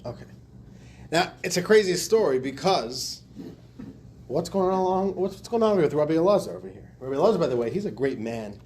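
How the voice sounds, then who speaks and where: Male rabbi lecturer, higher voice with big lively swings, acts out the quotes. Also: brisk, a little hiss or hum. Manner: expressive, acts out quotes, laughs often. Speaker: rabbi teaching a class. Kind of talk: animated lecture.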